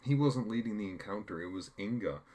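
Very deep-voiced man chatting casually. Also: expressive, dark tone. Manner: rambling, halting with fillers and restarts. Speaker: podcast co-host. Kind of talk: casual chat reviewing a TV episode.

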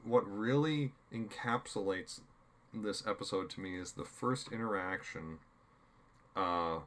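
Very deep-voiced man chatting casually. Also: a bit bright. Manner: rambling, halting with fillers and restarts. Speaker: podcast co-host. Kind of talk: casual chat reviewing a TV episode.

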